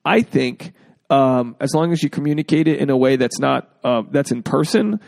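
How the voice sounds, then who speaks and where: A man's voice: mid-range voice, moderate pace, gravelly, a little mellow, dry recording. A man hosting a casual podcast, joking freely and acting out quotes in exaggerated voices. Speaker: podcast host.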